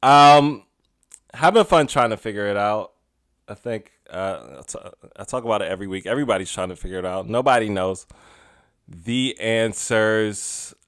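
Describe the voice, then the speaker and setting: A young adult man hosting a solo podcast in a casual, chatty way, laughing often and drifting between loud asides and quiet musing. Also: on the low side, moderate pace, clear, resonant tone, dry recording, clean studio sound. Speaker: podcast host.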